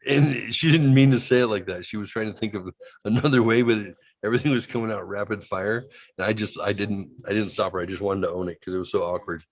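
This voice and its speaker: A man with a slightly low voice tells a long, rambling story in a casual comedy chat. He keeps breaking into laughter and acts out what other people said. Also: a little fast, no echo. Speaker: co-host.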